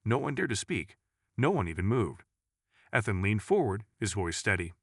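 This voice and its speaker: Low-voiced male story narrator. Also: big pitch swings, moderate pace, vocal fry, no room sound, clean studio sound. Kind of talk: scripted dramatic story narration.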